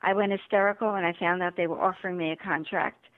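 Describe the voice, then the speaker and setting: This interview guest, a female author and motivational speaker, talks fast in a lowish voice. Heard through a tinny phone line, she recounts her story with animation, performing the dialogue she quotes.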